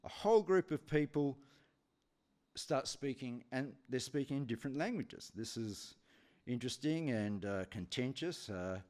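Lively man preaching. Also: mid-range voice, unhurried. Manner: animated storyteller with many repetitions. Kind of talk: sermon with storytelling.

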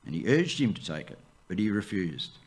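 A man, the church's pastor, preaching a sermon, swooping up high for emphasis and dropping to a near hush. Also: big pitch swings, moderate pace, breathy edge.

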